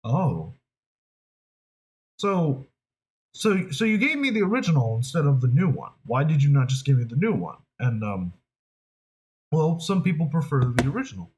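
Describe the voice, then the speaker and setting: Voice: mid-range voice, very animated, moderate pace, long pauses, darkish tone, slight background noise, poor audio. A voice actor chatting casually to camera, rambling and restarting sentences while thinking aloud. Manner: rambling, hesitant, with many restarts.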